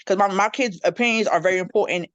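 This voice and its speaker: Middle-aged woman, casual group chat, quick and animated, close dry sound. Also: no room sound, lo-fi sound. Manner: animated storytelling, jumps into high-pitched quoted voices. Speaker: panel guest.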